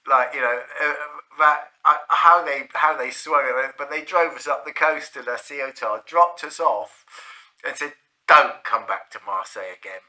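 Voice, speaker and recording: A man's voice: a little high, unhurried, sharp tone. A man with a South London accent telling a rambling, sweary anecdote full of restarts and fillers. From South London, England. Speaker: storyteller. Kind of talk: casual anecdote.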